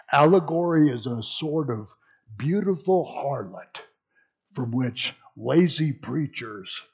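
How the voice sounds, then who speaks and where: A man's voice: medium pitch, vocal fry, husky. A man teaching a church history class in a conversational lecture style, full of fillers and restarts.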